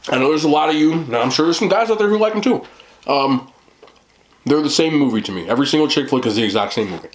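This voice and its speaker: A man's voice: on the high side, animated, fast, poor audio. A man hosting an eating video talks loosely to his viewers. He rambles, fills his sentences with "like", and slips into mocking asides. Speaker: mukbang host. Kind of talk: casual chat to camera.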